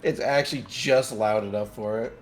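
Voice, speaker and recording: A man's voice: on the low side, normal speed, faint music behind. A man streaming a game live, chatting casually with friends and his chat in a playful, teasing way.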